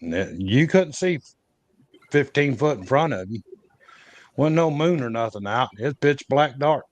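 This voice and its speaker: A man's voice: medium pitch, big pitch swings, measured pace, no echo, dull audio. A man casually telling a long encounter story as a podcast guest, in a folksy, rambling way with rural grammar and frequent restarts.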